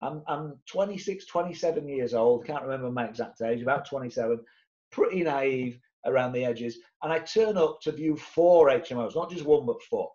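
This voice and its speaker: A man, telling an animated story to camera and acting out the other people's voices as he goes. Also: medium pitch, normal speed, lo-fi sound. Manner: lively, acts out the other voices in his tale. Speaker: property investor sharing his story.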